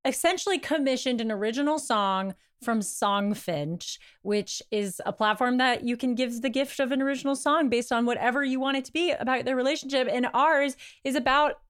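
A woman co-hosting a podcast, chatty and quick to react, also reading an ad. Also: sits high, fairly bright tone, clean tone, dry recording, clean studio sound. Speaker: podcast co-host. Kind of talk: casual podcast chat and ad read.

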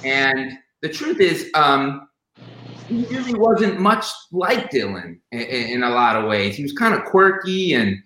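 Bright-voiced man telling stories in an echoey room. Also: a little high, big pitch swings, a little slow, slight background noise. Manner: warm reminiscing with many fillers and restarts. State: emotional, near tears. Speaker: guest sharing memories of a late friend. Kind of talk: casual storytelling on a podcast.

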